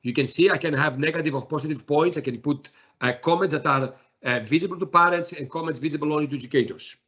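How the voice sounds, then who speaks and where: A man presenting a software demo in a webinar, talking haltingly with many fillers and restarts. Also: fairly high pitch, husky, muffled recording.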